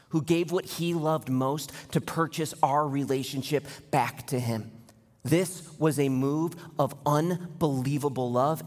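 A young man preaching a sermon as pastor, animated and building to intense emphasis. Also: a little high. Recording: long reverb of a large hall.

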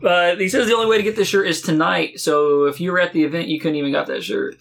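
A man chatting casually with friends over a wrestling match, playful and quick to laugh, swearing freely. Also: high voice, fairly even intonation, vocal fry, fairly bright tone. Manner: playful, laughs easily, profane. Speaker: co-host watching wrestling.

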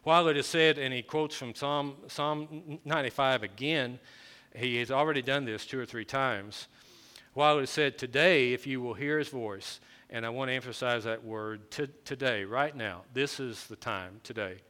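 Bright-voiced man preaching a sermon. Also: mid-range voice, normal speed, smooth. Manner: conversational preaching with frequent restarts. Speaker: pastor.

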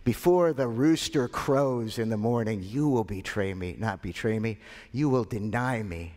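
A man voicing Jesus as a calm, loving teacher, speaking slowly and softly in a sermon. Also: lowish voice, long reverb tail, natural voice. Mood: solemn. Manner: slow, soft, solemn.

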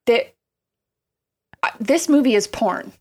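A woman's voice: a little high, expressive, warm tone, slightly rough. Thoughtful woman analyzing a film. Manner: thoughtful, analytical, drawn-out phrasing. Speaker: podcast co-host. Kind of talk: casual film discussion.

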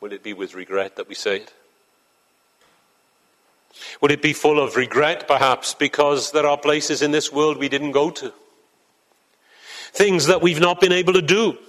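A man's voice: fairly high pitch, moderate pace, pauses often, a bit bright. A man preaching a sermon to a congregation in church, earnest and building to fervent emphasis. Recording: long hall reverb.

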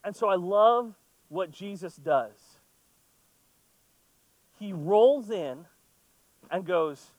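Pastor, male, high-pitched, relaxed and playful sermon delivery, dry close sound. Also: takes it slowly, pauses often, no echo, poor audio. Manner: conversational, playful asides. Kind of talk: sermon with scripture reading.

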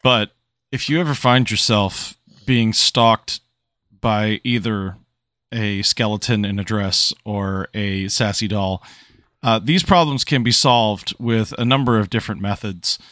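A man playing a tabletop game, talking in a deadpan, wry way. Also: fairly low pitch, no echo, studio quality. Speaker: player. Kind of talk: casual tabletop game chat.

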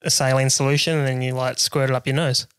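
A man's voice: mid-range voice, little pitch movement, fast, fairly bright tone, clear, resonant tone, no echo. A man co-hosting a casual chat, rambling along with lots of fillers. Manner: laid-back, rambling with fillers. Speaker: podcast co-host.

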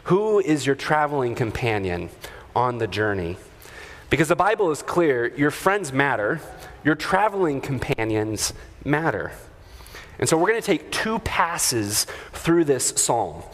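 A man preaching a sermon in a church, talking in a relaxed, conversational way with fillers and chuckling asides. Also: mid-range voice, unhurried. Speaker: pastor. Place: church sanctuary. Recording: long hall reverb.

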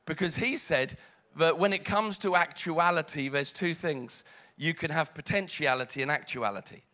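Brief: British male preacher, fairly high voice, dramatic sermon. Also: moderate pace. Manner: dramatic, swings from hushed to loud.

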